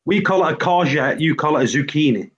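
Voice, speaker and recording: A man's voice: a little high, expressive, brisk, muffled recording. A British man hosting a casual group chat, reading out lists of word pairs. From Britain. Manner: reads out lists of word pairs, laughs often.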